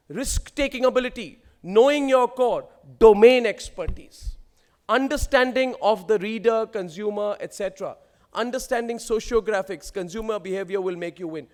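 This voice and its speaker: A man's voice: sits high, moderate pace, darkish tone. A man in his forties with an Indian English accent, giving an emphatic motivational speech built on rhetorical lists. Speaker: keynote speaker.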